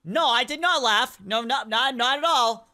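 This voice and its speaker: A woman's voice: a little high, moderate pace. A young woman hosting a reaction video, chatting casually and exclaiming at funny clips. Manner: animated, exclaiming and questioning clips.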